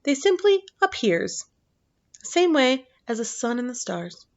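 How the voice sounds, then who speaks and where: A woman voicing a huge, kindly old male giant who speaks in slow, jumbled, booming sentences for a storybook reading. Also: very animated, muffled recording, heavily acted. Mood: earnest. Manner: booming, drawn-out, jumbled grammar.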